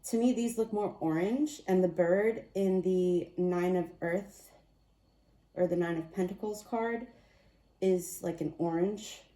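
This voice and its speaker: A tarot and oracle card reader with a low, warm voice and a measured pace chats her way through a casual spiritual reading, meandering and amused at herself. The mic sits at a distance in a room with noticeable echo.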